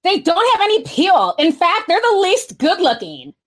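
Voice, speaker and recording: A breezy young Valley Girl with a lofty, sing-song pitch, drawling every line in a mocking way, as a woman puts her on. Her words stretch out slowly and airily. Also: wildly swooping pitch, full character voice.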